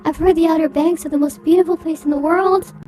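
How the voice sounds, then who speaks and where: A woman voicing a giddy, childlike girl under a ghost's spell, speaking high and eager in a video game reading. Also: steady tone, quick pace, warm tone, soft background music.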